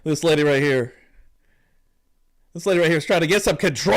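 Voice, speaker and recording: A male host giving casual, profane reaction commentary on a video, animated and laughing. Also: a little high, a little fast, long pauses.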